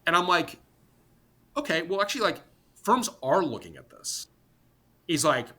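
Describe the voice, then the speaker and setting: A middle-aged man, a podcast guest, telling an animated story in an emphatic, exasperated way, blunt and sometimes profane, talking in rapid bursts full of restarts. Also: a little high. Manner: talks in rapid bursts with many restarts and fillers. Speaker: podcast guest, tech company co-founder.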